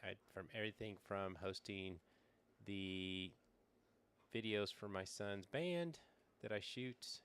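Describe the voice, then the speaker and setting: A middle-aged man speaks slowly in a smooth, lowish voice while live-streaming from a small backyard shed, the air conditioner running behind him. He rambles casually through his setup, relaxed and full of fillers as he thinks aloud. The desk microphone catches him unevenly when he leans away.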